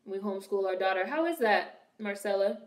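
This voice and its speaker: Her medium-pitched voice is animated and fairly quick as this young woman from Washington, D.C. hosts a laid-back film reaction video. She's blunt, tossing out profane wisecracks, recorded in an echoey, roomy room.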